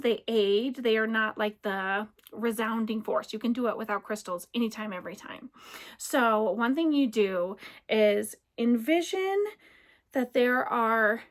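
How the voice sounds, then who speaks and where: Chatty woman with a bright higher voice. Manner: chatty and animated, with playful sound effects. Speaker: crystal jewelry seller giving spiritual advice. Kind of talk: casual instructional talk to camera. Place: home library.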